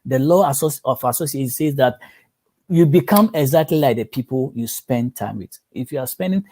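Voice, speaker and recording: A man's voice: mid-range voice, expressive, moderate pace, warm tone. A man preaching a sermon as a pastor, telling stories and acting out the voices of the people in them.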